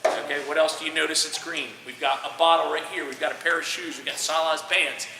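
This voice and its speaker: A man coaching young soccer players, giving an energetic, direct motivational talk to a group and checking in with frequent "okay"s. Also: a little high, brisk, gravelly. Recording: roomy echo, distant mic, faint noise.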